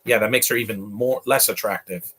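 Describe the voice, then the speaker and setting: A man's voice: lowish voice, steady tone, a little fast, pushed and bright, husky. Chatty, opinionated man reacting to a movie. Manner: chatty, opinionated, offhand asides. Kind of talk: casual movie reaction commentary.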